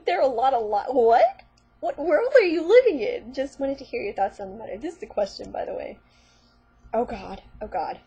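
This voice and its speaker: A woman's voice: medium pitch, darkish tone, slightly rough. A woman vlogger reading fan fiction aloud, breaking in with sarcastic, mocking commentary.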